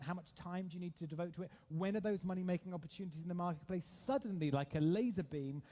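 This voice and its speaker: Male trading coach, rapid and energetic, slightly higher voice with a mellow tone, works the room. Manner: energetic, storytelling, keeps polling the audience. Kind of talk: motivational seminar talk to a live audience.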